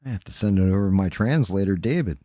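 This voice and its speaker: A man with a New Jersey accent, hosting a casual live stream while painting, talking fast, rambling and swearing. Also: low-pitched, animated, mellow, no echo. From New Jersey, USA.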